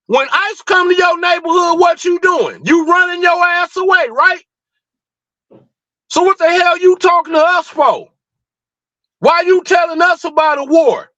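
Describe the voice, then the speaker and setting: High-pitched guy on a livestream going off, blunt and cussing, dry close sound. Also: sharp tone, dry recording, highs cut off. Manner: fired-up, blunt, profane, rhetorical questions. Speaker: livestream host. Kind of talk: heated livestream rant.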